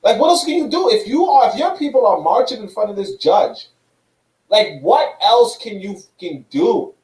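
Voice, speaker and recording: A man with a high voice rambles through a casual podcast discussion, packing his points with fillers and the odd curse. He sounds distant from the mic, in an echoey room. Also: lively intonation, normal speed, darkish tone. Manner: rambling, swearing, many fillers.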